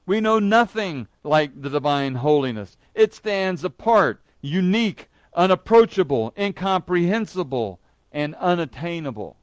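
A man's voice: on the high side, very animated, a little slow, no echo. A man preaching a sermon in an earnest, emphatic way, stressing words by repeating them, with an occasional light joke.

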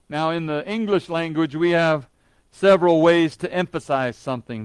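A man's voice: fairly high pitch, normal speed, smooth, no echo. A man preaching a sermon in an earnest, emphatic way, stressing words by repeating them, with an occasional light joke.

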